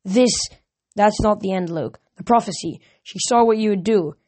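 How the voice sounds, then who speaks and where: A woman's voice: mid-range voice, normal speed, dark tone, close to an everyday voice. A woman voicing a determined young woman fighter, pleading through strain.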